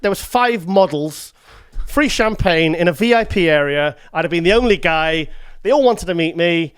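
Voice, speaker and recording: A man's voice: fairly high pitch, lively intonation, normal speed, clear, resonant tone, no echo. A British man, a guest on an interview show, telling a rambling story and acting out the quoted lines. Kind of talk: casual storytelling.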